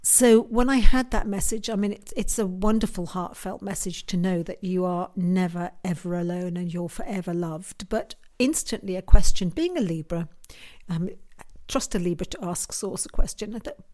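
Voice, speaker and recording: A woman's voice: lowish voice, normal speed, darkish tone. Earnest woman giving tarot readings. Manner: earnest, musing, with hesitant restarts; reads viewer comments aloud and answers them. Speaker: tarot card reader. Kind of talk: live tarot reading stream.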